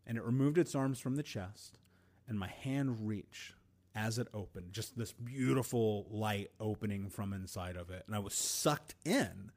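A man hosting a podcast and telling a personal story in an earnest, emotional way, with deliberate pauses. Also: lowish voice, darkish tone. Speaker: podcast host.

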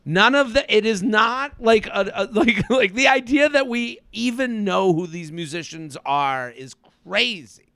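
A man co-hosting a chatty podcast, his voice bright and crisp and a touch high for a man. He talks in quick, animated bursts and breaks into flat mock voices when quoting people. The sound is close and dry. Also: dry recording. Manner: animated, quick asides, acts out quotes in a flat robot voice. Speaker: podcast co-host. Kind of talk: casual chat recapping a reality show.

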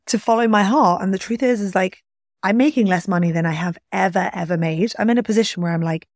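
A woman's voice: medium pitch, no room sound, clean studio sound. A woman in her thirties hosting a solo podcast, speaking candidly and confessionally about her own life, with lots of "like". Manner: candid, confessional, heavy use of "like". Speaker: podcast host. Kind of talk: solo podcast, personal reflection.

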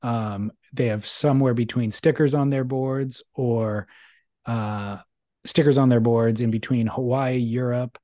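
A man's voice: medium pitch, steady tone, a little slow, warm tone, no room sound, clean studio sound. A man co-hosting a casual podcast, reading listener mail aloud with a wry, joking manner. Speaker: podcast co-host.

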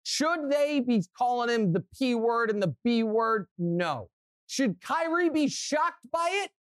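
A young man co-hosting a sports podcast, telling stories and giving strong opinions in an animated way. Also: very high voice, measured pace, no echo, clean studio sound. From Kansas City, US. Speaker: podcast co-host. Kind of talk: casual sports talk.

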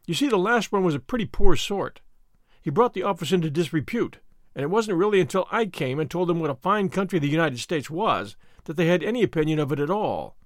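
A man's voice: fairly high pitch, animated, brisk, dry recording, clean studio sound, lightly acted. A man voicing a young, doubtful secretary in an audiobook, speaking with a wondering tone. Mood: explaining.

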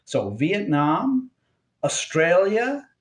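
A man with a lively voice that rises and falls a lot, delivering political commentary on the radio. He talks like a storyteller and slips in dry, humorous asides as he goes. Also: sits high, drawn-out words. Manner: animated storyteller, wry asides. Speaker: political columnist, regular guest.

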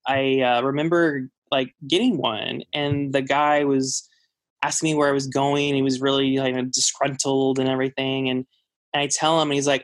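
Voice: mid-range voice, flat delivery, moderate pace, dry recording. A speaker telling a personal ghost story in casual chat, rambling with many fillers and restarts. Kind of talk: casual spoken anecdote.

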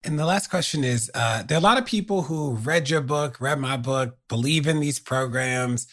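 Measured male podcast host. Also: medium pitch, fairly bright tone. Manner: measured, uses fillers between questions. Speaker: interview host. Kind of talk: interview questions.

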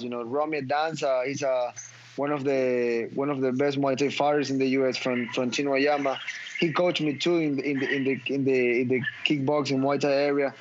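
Profane, emphatic fighter in a noisy post-fight interview. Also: male voice, medium pitch. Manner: profane, emphatic, stumbles and repeats words. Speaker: mixed martial arts fighter. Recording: dull audio with clear background noise.

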